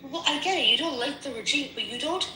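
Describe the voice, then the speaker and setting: A woman's voice: sits high, expressive, fast talker, sharp tone, slight background noise. A woman telling a story in casual chat, heated and profane. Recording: echoey room.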